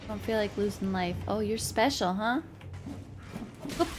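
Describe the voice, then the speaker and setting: A woman's voice: medium pitch, unhurried, noisy background. A woman streamer casually commenting on her gameplay, humming to herself, yelping at deaths and cooing to her cat. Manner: mutters and hums to herself, bursts into yelps.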